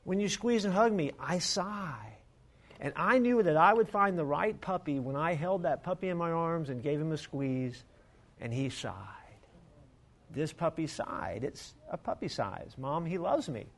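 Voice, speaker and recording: A man voicing an earnest young girl in a sermon story, speaking in a soft, tender, raised voice. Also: a little high, animated, a little slow. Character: earnest young girl who found her puppy.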